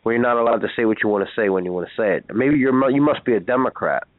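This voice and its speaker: A man rants at another caller on a chat line, argumentative and tripping over his own restarts. His pitch is average for a man. The sound is dry and tinny, like a cheap phone line. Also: rapid-fire, dry recording. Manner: argumentative, ranting, stumbling restarts.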